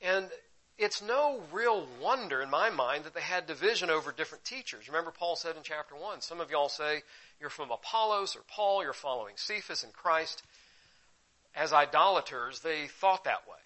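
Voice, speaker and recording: Bright animated preacher man. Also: a little high, moderate pace, poor audio. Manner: animated teaching, leaps between loud emphasis and quiet asides. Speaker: pastor. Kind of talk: sermon.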